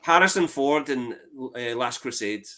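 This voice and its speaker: A man's voice: medium pitch, animated, unhurried, a crowd in the background. A man in a casual group chat on a video call, laid-back and given to chuckling asides.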